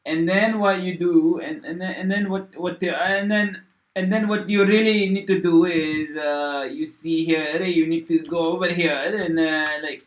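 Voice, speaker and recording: An over-explaining coding tutor with a put-on accent, done by a man, walking through each step. The voice sits high and pushes loud. The room gives it a clear echo. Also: fairly even intonation, a little slow. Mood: lecturing. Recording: roomy echo.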